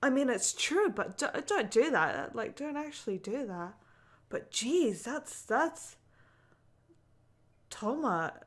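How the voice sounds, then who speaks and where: A woman's voice: a little high, very animated, slow pace, long pauses. A young woman reacting live to an anime, emotional and casual, swearing often and saying "like" a lot. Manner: emotional, swearing, frequent "like" fillers.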